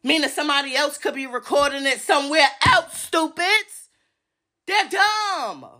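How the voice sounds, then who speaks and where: A woman's voice: sits high, normal speed, sharp tone. Agitated, profane woman ranting solo. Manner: profane, agitated, addresses listeners directly. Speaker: podcast host. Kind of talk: solo podcast rant.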